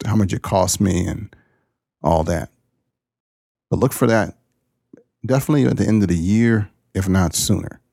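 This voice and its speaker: A man hosting his podcast, a pastor talking in a casual, folksy, jokey way, with sudden jumps up in pitch. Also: vocal fry, a little mellow, husky, no echo, clean studio sound. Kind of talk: casual chat.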